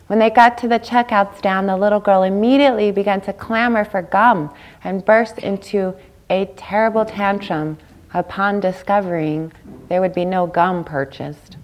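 A woman meditation teacher delivers a dharma talk at a meditation center in a mid-range voice at a moderate pace. She's chatty, informal and warmly conversational, often checking in with listeners and seeking agreement with "right?".

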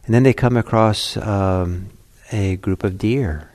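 A man telling a Buddhist parable in a talk, unhurried and conversational. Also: fairly low pitch, a little mellow. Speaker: Buddhist teacher.

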